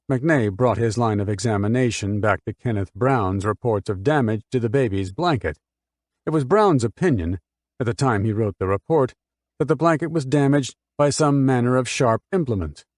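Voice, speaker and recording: A male audiobook narrator reads in a steady, measured voice. His pitch sits in the middle of the range for a man. The recording is dry and close, with no echo. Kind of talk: scripted narration.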